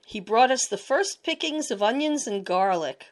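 A woman narrating a storybook tale in a measured, expressive reading voice. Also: a little high.

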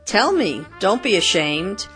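A woman's voice: medium pitch, sing-song, slow, fairly bright tone, soft background music. A woman voicing a jovial townsman who teases a little boy. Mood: teasing. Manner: teasing, coaxing. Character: teasing adult townsman, jovial.

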